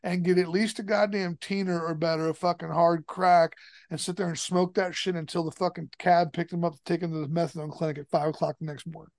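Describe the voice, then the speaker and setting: A man's voice: fairly high pitch, flat delivery, fairly quick, darkish tone, no room sound. A man telling a long story as a podcast guest, swearing constantly and rambling emphatically. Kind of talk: casual storytelling.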